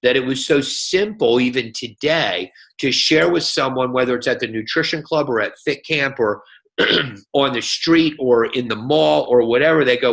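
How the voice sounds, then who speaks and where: Animated man telling a sales story. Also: mid-range voice, gravelly, rough recording. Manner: animated storyteller, quick asides, frequent "okay?" and "right?". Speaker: guest speaker. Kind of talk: motivational talk.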